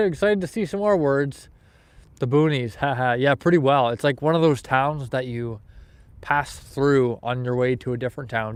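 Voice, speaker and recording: An easygoing Canadian man hosts a fishing livestream outdoors in the snow, reading viewer comments and rambling casually between them. His voice is smooth and clear, mid-pitched, and dry and close, as if picked up by his phone's streaming setup. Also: no room sound. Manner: easygoing, chatty, rambling with restarts.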